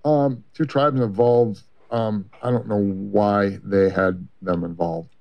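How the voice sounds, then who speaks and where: A man giving a long, rambling personal account in an interview, halting with many fillers and restarts. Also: on the low side, steady tone, vocal fry. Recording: muffled lo-fi recording.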